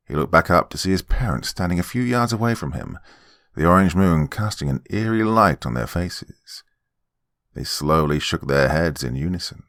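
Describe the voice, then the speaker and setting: A man narrating a horror story in a dramatic, expressive scripted read. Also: low-pitched, no echo, studio quality.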